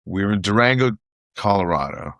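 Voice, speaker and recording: A man's voice: fairly low pitch, animated, fairly quick, a bit bright, no echo, clean studio sound. A middle-aged man, a guest comedian telling stories in casual chat, who repeats phrases for emphasis and acts out what other people said.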